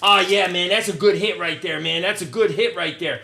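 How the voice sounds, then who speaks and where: A man putting on the voice of an overhyped young male card breaker who repeats a pushy sales-pitch patter. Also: moderate pace, vocal fry, pushed and bright, full character voice. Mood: hyped. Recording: echoey room, faint noise.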